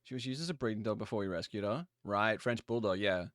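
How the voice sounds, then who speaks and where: A man's voice: fairly low pitch, fairly bright tone, no echo. Laid-back man, dry sound. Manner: chatty, easygoing, quick apologies and asides. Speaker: livestream host. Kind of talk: casual stream chat with viewers.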